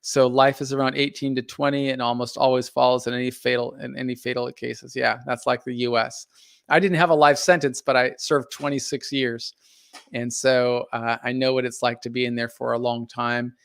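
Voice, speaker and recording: A man's voice: mid-range voice, level tone, moderate pace, gravelly, fairly bright tone, smooth, no echo, studio quality. A middle-aged man hosting a casual live stream, speaking earnestly and thoughtfully with many fillers and restarts. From United States. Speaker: live stream host reading viewer comments.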